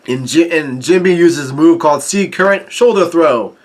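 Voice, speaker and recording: A man casually recapping a manga chapter, halting often with restarts and self-corrections. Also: mid-range voice, a bit bright. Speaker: manga reaction host.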